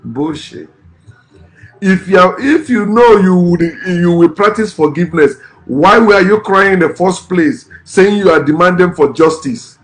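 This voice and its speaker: A man's voice: sits high, moderate pace, soft background music. Blunt man ranting. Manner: blunt, scornful, repeats curses. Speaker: vlogger. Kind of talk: ranting political commentary.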